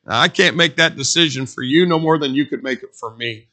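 In a brisk, conversational sermon, a male preacher drifts into anecdotes and hammers his message through emphatic repetition. He speaks at a typical male middle pitch, and his voice carries a bright, forceful edge.

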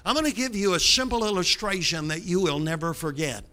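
A man in his seventies from Brooklyn preaching a sermon from the pulpit, dramatic, swinging from loud bursts to low hushed line endings. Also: expressive, fairly quick. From Brooklyn, New York. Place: church sanctuary, behind a pulpit.

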